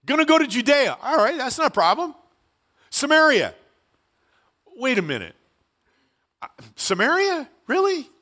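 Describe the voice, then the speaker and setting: A man's voice: sits high, huge pitch swings, moderate pace, pauses often, bright, forceful tone, full character voice. A man voicing doubtful disciples who hesitate and balk at a far mission. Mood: incredulous. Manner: hesitant, incredulous.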